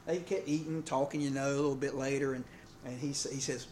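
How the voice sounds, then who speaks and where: A man's voice: medium pitch, level tone, fast talker, a little mellow, a little hiss or hum. A man preaching a sermon in a conversational, rambling way, full of fillers and restarts. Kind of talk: sermon with humorous stories. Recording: echoey room, faint ambience.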